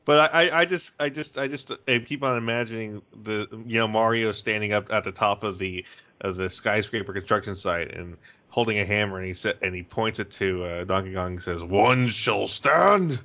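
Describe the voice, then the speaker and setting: Bright-voiced guy joking around on a podcast, kinda muffled audio. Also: on the low side, fairly even intonation, brisk. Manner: joking, laughs between lines. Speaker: podcast co-host. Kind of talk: casual chat. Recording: dull lo-fi audio.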